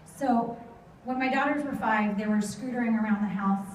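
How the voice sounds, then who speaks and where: Her pitch is fairly high and her speed normal as this middle-aged motivational speaker tells stories to a live audience, lively and full of impressions of her children. Slight background noise accompanies the distant-mic sound of an echoey hall.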